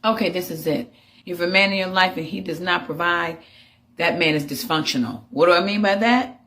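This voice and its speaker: A woman's voice: on the low side, brisk, fairly bright tone. A woman giving an emphatic, repetitive lecture about relationships. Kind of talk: lecturing monologue.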